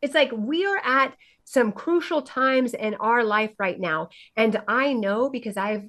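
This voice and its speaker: A woman with a fairly high voice delivers a motivational monologue as a podcast host. She speaks with passion and emphasis, pressing her points and checking in with her listeners. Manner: passionate, emphatic, repeats "right?" often.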